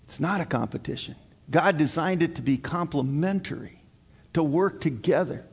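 A man's voice: a little high, moderate pace, vocal fry, husky. A male pastor preaching a sermon to his congregation in an earnest, emphatic way, repeating his key points. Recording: long hall reverb.

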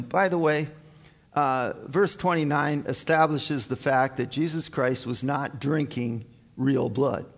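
A man preaching a communion sermon as pastor, slow and earnest, building to emphatic high points. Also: long reverb tail. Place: church sanctuary.

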